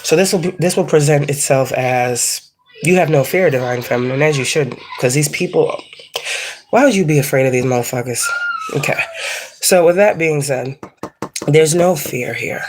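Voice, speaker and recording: A woman's voice: low-pitched, moderate pace, darkish tone, slight background noise. A woman giving a casual tarot reading and ranting at viewers in a blunt, heavily profane, scolding way. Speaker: psychic tarot reader. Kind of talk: casual spiritual reading rant.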